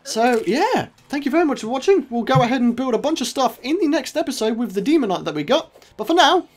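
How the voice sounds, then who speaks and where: A young man commentating his own gameplay, excitable, laughing often and shouting when in trouble. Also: extremely high pitch, fast talker. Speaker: gaming channel host. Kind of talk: let's play commentary.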